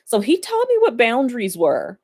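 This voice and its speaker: A woman's voice: on the high side, huge pitch swings, moderate pace, a little mellow. A woman talking casually to the camera, reflecting fondly and laughing between her thoughts. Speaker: vlogger.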